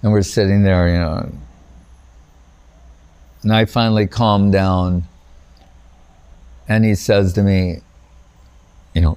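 His voice is low-pitched, smooth and darkish, with fairly even intonation, and he takes things slowly with long pauses. The man is a teacher giving a loose, anecdotal spiritual talk, dropping "you know" often, restarting mid-thought and chuckling at his own stories.

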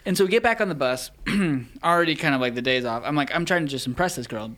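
A young man casually telling an embarrassing story, animated and laughing as he goes. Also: fairly high pitch, fast talker. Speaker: guest storyteller.

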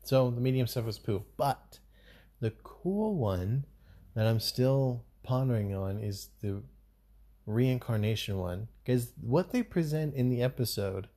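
A man's voice: mid-range voice, lively intonation, a little slow, dark tone. A man co-hosting a podcast in casual chat, talking in a loose, rambling way with lots of fillers. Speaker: podcast co-host.

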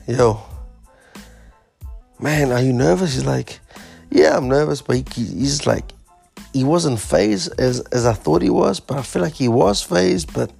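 A man casually telling a story about his first stand-up gig, animated and swearing as he acts out his panic. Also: medium pitch, gravelly, breathy edge. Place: Fremantle area, Western Australia.

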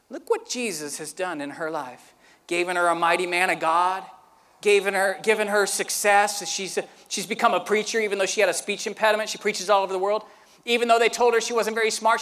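A man preaching a sermon as pastor, earnest and shifting between quiet, tender stretches and emphatic, rising ones. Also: high-pitched, a little fast, long reverb tail.

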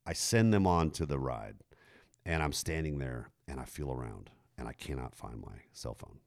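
A middle-aged man, telling a story in casual chat, jumping high in pitch when he quotes a woman. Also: animated, normal speed. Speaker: podcast co-host telling a story.

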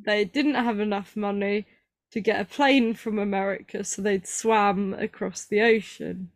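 A woman's voice: mid-range voice, fairly even intonation, unhurried, dry recording. Young woman host, casual and rambling, self-deprecating, mid-range voice, dry close recording. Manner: chatty, rambling, self-mocking, lots of ums. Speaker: podcast host. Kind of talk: casual chat.

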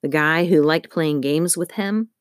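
A woman's voice: sits low, unhurried, dry recording, studio quality. A woman voicing an eager whispering young girl. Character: brave curious young girl.

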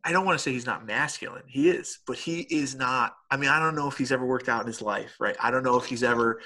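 A man's voice: medium pitch, fast talker. A middle-aged man in a casual conversation, telling stories animatedly and tagging his points with "right?". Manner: animated storyteller with many "right?" tags.

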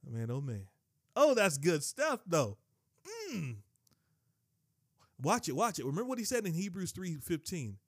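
A male preacher delivers a sermon in an emphatic, insistent way, circling back over his phrases. His voice sits fairly high for a man, and the recording is dry, with no room echo. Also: sing-song, unhurried, pauses often, husky. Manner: emphatic, repeats and restarts phrases. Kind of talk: sermon teaching.

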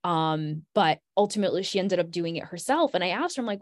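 A woman chats as a podcast guest, working through her thoughts in loose, filler-heavy sentences. Her voice is somewhat low. It is recorded dry and close. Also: animated, fast, no room sound. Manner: reflective, rambling, many fillers. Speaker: podcast guest, graphic designer. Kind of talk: casual podcast conversation.

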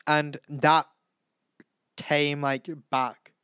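A man's voice: fairly high pitch, little pitch movement, extremely slow, pushed and bright, clear, resonant tone, no room sound. A teenage young man hosting a casual chat, gushing and camp, who keeps breaking into impressions. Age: teens. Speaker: vlog host.

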